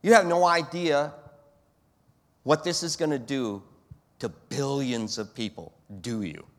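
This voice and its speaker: A male preacher delivers his sermon with animated rhetorical questions and acts out the scenes he describes. His voice sits at a middling pitch, and a long reverb trails behind it in a hall. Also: a little slow.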